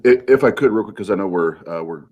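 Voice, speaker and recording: A middle-aged man with a very low, deep voice, chatting on a talk show. He speaks haltingly, with frequent restarts and fillers. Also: animated, a little mellow. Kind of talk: casual chat.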